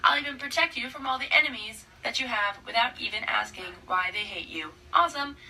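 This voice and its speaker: An eager, overly chummy young king played by a woman who agrees to everything in a breezy, upbeat way. The voice leaps high and bright and comes from a distant mic with faint hiss. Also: a little fast.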